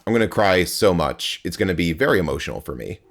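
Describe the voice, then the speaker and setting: A man's voice: low-pitched, animated, quick pace, gravelly. A young man streaming a game live, chatting with his viewers in a rambling, playful way and grunting as he plays.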